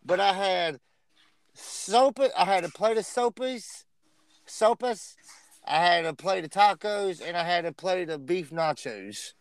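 High-voiced joking man. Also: expressive, a little slow, clean tone, dry recording. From North Carolina. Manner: loose, profane, joking, laughs often. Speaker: podcast co-host. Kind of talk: casual chat.

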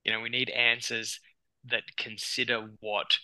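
A man with an Australian accent, a psychologist guest on a podcast, talking in a lively way with frequent restarts and acted-out quotes. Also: mid-range voice, a little slow, no echo, rough recording. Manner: animated, acts out clients' inner voices, many restarts. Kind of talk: conversational podcast interview.

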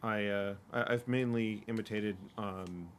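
A man's voice: fairly low pitch, steady tone, measured pace, a little hiss or hum. A man in his fifties chatting casually, telling long rambling stories full of fillers and restarts. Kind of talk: casual chat.

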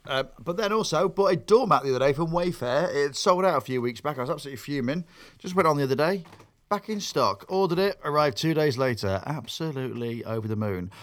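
A man's voice: a little high, expressive, fast talker. A young man telling stories in a rambling, casual podcast chat, restarting his sentences often. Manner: rambling storytelling with restarts and laughs. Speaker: podcast co-host.

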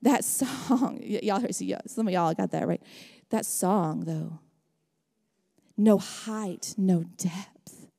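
A woman's voice: fairly low pitch, measured pace, creaky, warm tone, big-room sound. A middle-aged woman preaching a sermon, calling out to her congregation with rising passion. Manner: impassioned, calls out to the congregation. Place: church sanctuary.

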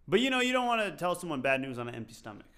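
A man's voice: on the high side, very animated, very fast, a bit bright. A young man co-hosting a podcast, joking around in casual chat, swearing freely and laughing often. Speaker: podcast co-host.

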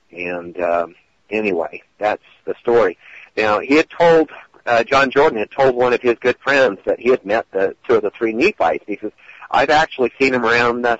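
A man's voice: lowish voice, dry recording, dull audio. A man telling stories in a casual podcast, rambling with many hesitations and acting out the quotes.

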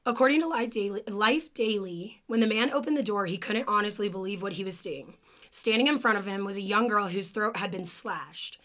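A woman's voice: mid-range voice, brisk, fairly bright tone. A young woman co-hosting a true crime podcast, telling the case in a casual, chatty way with lots of "like" and some swearing. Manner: casual, swears, says "like" often, emotional about the case.

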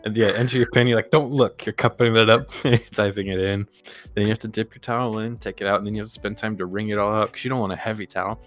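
Male podcast co-host, lowish voice, rambling storyteller who laughs a lot, casual. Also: steady tone, fast talker, fairly bright tone, soft background music. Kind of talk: casual chat.

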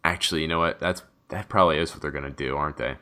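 A man co-hosting a casual chat show, talking in an excitable, rambling way and swearing freely. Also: a bass voice, racing. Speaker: podcast co-host. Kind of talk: casual chat about wrestling.

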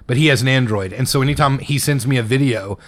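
A young man co-hosts a casual podcast, joking and rambling as he talks. He laughs often, and his voice sits in a middle pitch. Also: quick pace. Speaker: podcast co-host. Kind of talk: casual chat.

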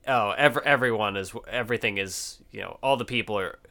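Male podcast co-host, casual manga chat, smooth clear voice, halting and thoughtful. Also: on the low side, sharp tone. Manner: halting, thoughtful, many restarts.

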